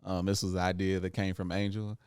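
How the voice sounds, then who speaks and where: Laid-back man with a lowish voice. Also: level tone, a little fast, a little mellow, smooth, no echo, studio quality. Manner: laid-back, joking, slangy. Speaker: podcast co-host. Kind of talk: casual podcast chat. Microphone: studio microphone.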